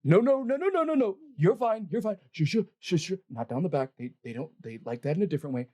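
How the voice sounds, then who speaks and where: A man doing a flustered dwarf keeper in a tabletop game, fussy and rambling, with a dark, mellow tone and a dry, close sound. he scolds and apologizes in the same breath. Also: sits high, lively intonation, fast talker, dry recording, pitched above the performer's own voice.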